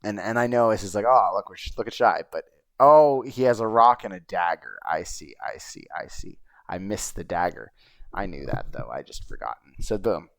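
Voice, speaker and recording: A chatty man gives loose, rambling commentary over a video he is watching. He hosts his own show, and his slightly low voice sits close and dry with no room sound. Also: animated, moderate pace, gravelly, no room sound. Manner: rambling and chatty, with frequent fillers and profanity. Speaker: host.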